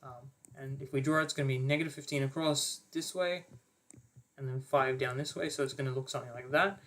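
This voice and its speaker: A young man giving an online maths revision lecture, casually talking through each step of his working with fillers and quick self-corrections. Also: medium pitch, steady tone, fairly bright tone. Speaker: maths tutor.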